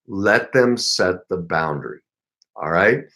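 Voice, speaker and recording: Delivering advice straight to camera, this middle-aged man works as a relationship coach and speaks with earnest emphasis, now and then role-playing brief example conversations. His voice is low-pitched and fairly bright, animated yet slow-paced.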